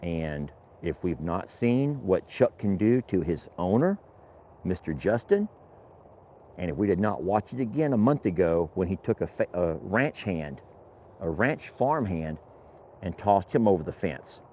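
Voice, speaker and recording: A man's voice: low voice, sing-song, a little slow, dark tone, a little hiss or hum. A man, a rancher vlogging casually outdoors as he does his chores, talking in a folksy, rambling way and chatting to his animals. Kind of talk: casual vlog narration while doing chores. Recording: dull lo-fi outdoor recording.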